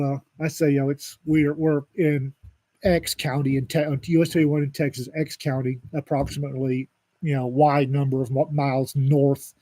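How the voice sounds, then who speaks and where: A man's voice: a little high, warm tone, dry recording. A man co-hosting a podcast, telling a story in a dry, wisecracking way during a casual chat. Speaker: podcast co-host.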